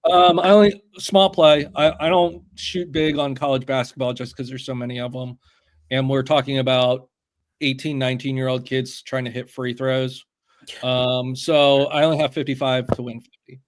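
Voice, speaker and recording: A man's voice: mid-range voice, fairly even intonation, moderate pace. Hesitant man giving betting picks. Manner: hesitant, many um fillers. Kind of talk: casual chat.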